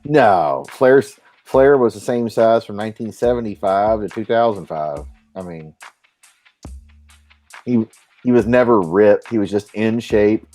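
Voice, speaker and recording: A man hosting a live stream, talking in a rambling, profane, animated way. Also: fairly low pitch, measured pace, faint music behind. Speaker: stream host. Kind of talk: casual chat.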